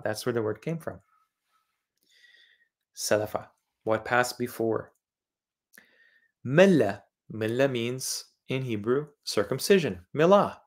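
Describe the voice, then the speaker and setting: A man from Eastern Europe holds forth on his livestream in a mid-range voice. He repeats key words several times over as he explains them, pressing each point insistently. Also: medium pitch. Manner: insistent lecturing tone. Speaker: channel host. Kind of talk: livestreamed religious monologue.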